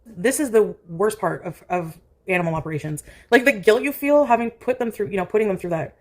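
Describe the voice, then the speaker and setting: A woman's voice: medium pitch, fairly quick. A woman chatting casually on a livestream, rambling and filling her speech with "like". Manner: rambling, with heavy use of "like"; coos softly to her cat in baby talk. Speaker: streamer.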